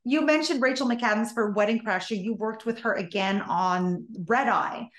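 A woman's voice: a little high, normal speed. A woman hosts an interview, asking chatty, admiring questions and giving short agreements. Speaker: interviewer, host. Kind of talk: casual interview chat. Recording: roomy echoey sound.

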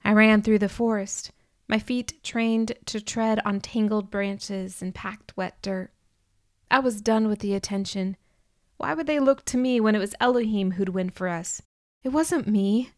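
A woman's voice: medium pitch, unhurried, dry recording. A woman reading a first-person novel aloud with earnest, emotional delivery, close to the mic. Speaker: audiobook narrator.

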